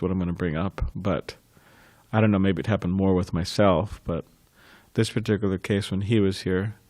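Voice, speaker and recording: Man, low voice, devotional class talk, chuckles a lot, halting, restarts. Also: no room sound, clean studio sound. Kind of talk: reminiscing in a scripture class.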